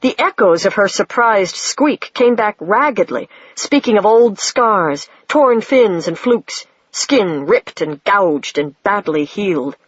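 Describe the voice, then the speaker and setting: An audiobook reader tells the story in a measured, plain manner. The recording is dull and lo-fi, with a dry, close sound. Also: medium pitch, animated, husky, no room sound. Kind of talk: scripted narration.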